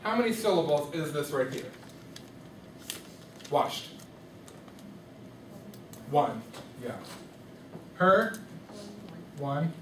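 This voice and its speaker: A music teacher with a sing-song voice on the high side speaks slowly and pauses often while teaching his class rhythm. He questions them and checks their understanding frequently; the echoey classroom recording is far off, with a little hiss or hum.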